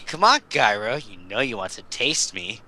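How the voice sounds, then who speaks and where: A man voicing a lustful, pushy female pony, read slowly and flatly so it sounds deliberately unsexy. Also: mid-range voice, crowd noise, lightly acted, rough recording. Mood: leering. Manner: slow, flat and deliberately unsexy. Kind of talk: comic reading aloud.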